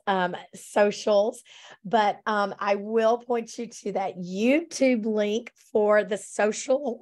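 Slow-talking woman with a scratchy voice. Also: medium pitch, darkish tone. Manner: slow, friendly, with frequent ums and restarts. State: scratchy, strained voice. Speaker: host of a weekly planning session. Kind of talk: casual online workshop talk.

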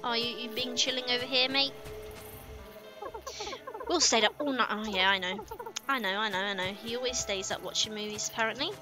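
A woman's voice: fairly high pitch, brisk, long pauses. Playful young woman streaming a game. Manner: playful, chatty, talks to herself and chat. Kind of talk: casual let's-play commentary. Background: game music.

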